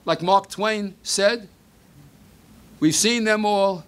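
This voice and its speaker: An older man giving a sermon, telling a story with Hebrew phrases mixed in, moving between hushed and emphatic delivery. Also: high-pitched, slow. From United States. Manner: mixes Hebrew phrases into English.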